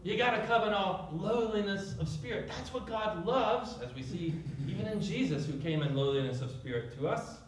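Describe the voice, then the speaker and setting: A man preaches with emphatic force, piling up rhetorical questions. His somewhat high voice comes from a distance, ringing through a very echoey room with a faint hum behind it. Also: lively intonation, moderate pace, hardly any pauses. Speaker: pastor. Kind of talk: sermon.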